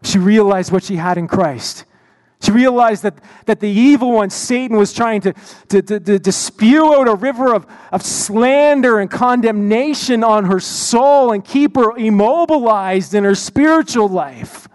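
A male pastor delivers a sermon in a notably high voice. He tells his story with plenty of restarts and repeated words. The sound carries a long hall reverb. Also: expressive, measured pace, clean tone.

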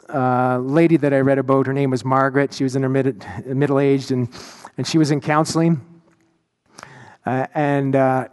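A man's voice: mid-range voice, a little mellow, smooth. A man preaching a sermon as pastor, telling a story with frequent restarts and repeated words. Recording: long hall reverb.

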